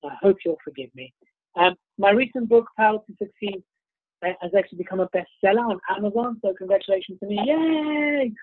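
A man's voice: high-pitched, fairly quick, no room sound. British man, keynote speaker, upbeat and self-promoting, slight sniffles, narrow phone-like sound, dry. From United Kingdom. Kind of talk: motivational presentation. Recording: tinny phone-like dry line.

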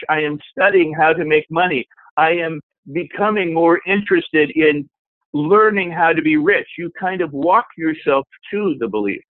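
A man's voice: a little high, no echo. A man giving a motivational self-help talk, acting out the voices in your head. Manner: animated, acts out inner voices. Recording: tinny phone-like radio sound.

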